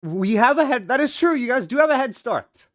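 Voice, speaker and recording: A lively streamer whose pitch jumps all over as they chat to viewers and read story text aloud. They ramble in loose, excitable bursts full of "like". The voice sits close and dry on a desk mic, with no room sound. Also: no echo. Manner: animated and rambling, full of "like" and quick laughs. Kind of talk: casual live-stream chat while reading a visual novel aloud.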